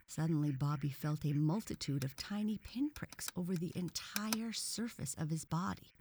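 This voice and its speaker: A woman narrating a children's story in a calm, even storytelling manner. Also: sits low, normal speed, hardly any pauses, a little hiss or hum. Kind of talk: audiobook reading of a children's story.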